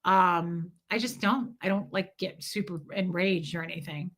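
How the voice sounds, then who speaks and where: A woman's voice: lowish voice, fairly even intonation, a little slow, fairly bright tone. A woman hosting a casual livestream, talking candidly and emphatically while answering viewer chat, swearing freely and often repeating herself.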